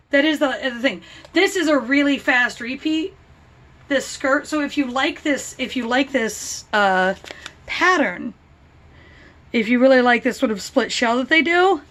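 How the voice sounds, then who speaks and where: A woman's voice: fairly high pitch, fairly bright tone, recorded from a distance. A woman vlogging about her crochet project in a chatty, rambling, self-deprecating way. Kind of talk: casual chat.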